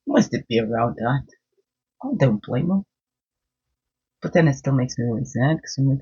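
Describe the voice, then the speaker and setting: A woman's voice: low voice, lively intonation, moderate pace, long pauses, darkish tone, slightly rough. Chatty woman spiritual guide, lo-fi sound. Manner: sing-song greetings, chatty and openly emotional, frequent laughs. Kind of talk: casual daily card-reading video. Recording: dull lo-fi sound.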